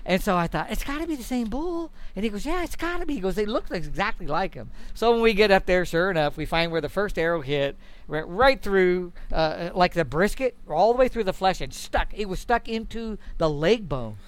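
Middle aged guy telling a hunting story, kinda high voice, folksy, acts out the quotes. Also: normal speed, smooth. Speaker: guest elk hunter. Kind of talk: storytelling in conversation.

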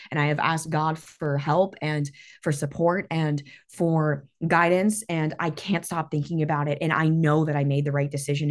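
A woman's voice: on the low side, darkish tone. A woman in her thirties hosting a motivational podcast, talking intensely with emphatic repetition and frequent swearing. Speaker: podcast host. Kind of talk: motivational monologue.

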